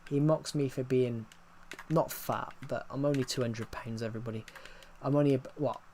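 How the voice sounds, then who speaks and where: A man's voice: mid-range voice, steady tone, normal speed, a little mellow, a little hiss or hum. A man, chatting casually on a live stream, answering chat with many fillers and restarts. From England.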